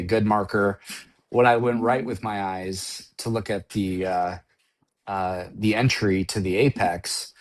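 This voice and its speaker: A middle-aged man, a track-day driver, recounting a crash in casual, rambling conversation with frequent restarts. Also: lowish voice. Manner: rambling, restarts often, storytelling. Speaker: guest driver.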